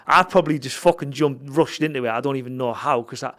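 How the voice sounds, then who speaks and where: A middle-aged fighter and gym owner, appearing as a podcast guest, tells a story casually in a mid-range, slightly fast, somewhat bright voice. He swears freely and acts out what people said through quoted dialogue.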